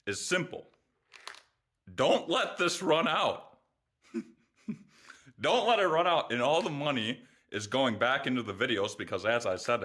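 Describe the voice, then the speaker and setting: A man's voice: medium pitch, bright, forceful tone. A young man vlogging about his own life, blunt and profane, moving between joking and frustrated ranting. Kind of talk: casual personal vlog.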